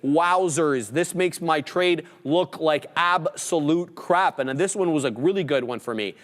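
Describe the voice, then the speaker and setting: A man hosting a live trading show, giving hyped, fast-talking market commentary full of trader slang. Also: a little high, fairly bright tone, long reverb tail.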